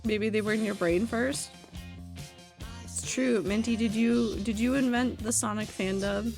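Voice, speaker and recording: A woman's voice: fairly high pitch, fairly even intonation, measured pace, vocal fry, darkish tone, faint music behind. A woman streaming a video game, chatting casually with her viewers, giggly and talkative as she plays. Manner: chatty, giggly, reads chat aloud. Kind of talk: casual gaming stream chat.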